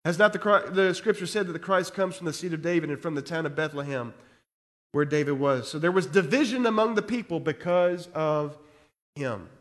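A man's voice: a little high, fairly quick, a bit bright. A male pastor preaching, reading Bible verses aloud and commenting on them with growing intensity. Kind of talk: expository sermon reading scripture.

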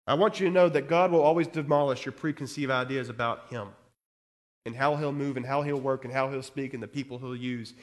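A man's voice: mid-range voice, brisk. A male pastor preaching, reading Bible verses aloud and commenting on them with growing intensity. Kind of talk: expository sermon reading scripture.

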